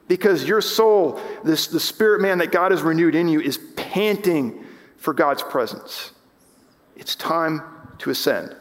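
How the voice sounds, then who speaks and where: A male pastor preaching a sermon in a church sanctuary, his slightly raised voice swelling with passion and then dropping low. He often stumbles and restarts mid-sentence as he pushes a point. A long reverb trails each phrase. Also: unhurried. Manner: impassioned, rising and falling with emphasis, frequent restarts.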